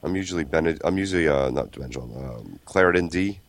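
Deep, fast-talking, foul-mouthed man. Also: animated, no room sound. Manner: crude, swears a lot, rambling. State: congested with allergies. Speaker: podcast co-host. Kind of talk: casual chat.

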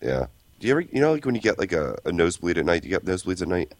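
A man with a low voice who talks fast in crude, rambling bursts full of swearing. He sounds stuffed up with allergies, and his voice sits close and dry on the mic. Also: sing-song, no room sound. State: congested with allergies. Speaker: podcast co-host. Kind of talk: casual chat.

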